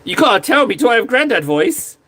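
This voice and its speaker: A man from southwest England with a southern English accent, hosting a live stream and chatting casually, excitable and quick to interrupt himself. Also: very high voice, breathy edge. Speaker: live-stream host painting miniatures.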